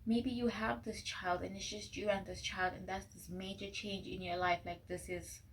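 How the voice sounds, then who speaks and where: A young woman in a relaxed pick-a-card tarot reading, speaking earnestly at a middle pitch and now and then slipping into a whisper. She records on a phone mic, with a faint hiss under her voice. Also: normal speed, poor audio. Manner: earnest, drifting into soft whispered asides. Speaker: tarot reader. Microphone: phone microphone.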